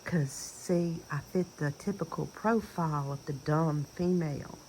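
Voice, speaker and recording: A woman's voice: deep voice, unhurried, a little mellow, slight background noise, poor audio. A middle-aged woman with a Southern accent in an emphatic, rambling monologue that sometimes sinks to a near whisper. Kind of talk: personal monologue rant.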